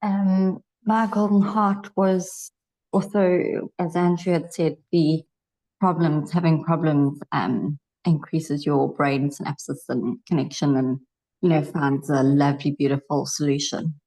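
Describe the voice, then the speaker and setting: Female participant with a deep, dark voice and measured delivery. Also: flat delivery, low-quality recording. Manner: measured, with some fillers. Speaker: class participant.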